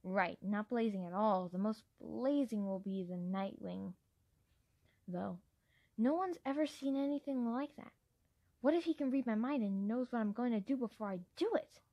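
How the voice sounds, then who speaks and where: A woman's voice: fairly high pitch, normal speed, no echo, dull audio. A blunt, chirpy young female dragon champion, voiced by a woman reading aloud. She sounds eager and matter-of-fact, with a dry, close sound and no room around her. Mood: cheerful. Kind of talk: amateur audiobook character voice.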